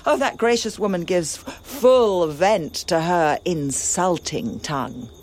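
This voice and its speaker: A woman playing a grieving, defiant young princess in a classical drama, with a breathy voice and impassioned lament. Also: on the low side, animated, a little mellow, slight background noise. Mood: bitter. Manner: impassioned lament, slow and swinging.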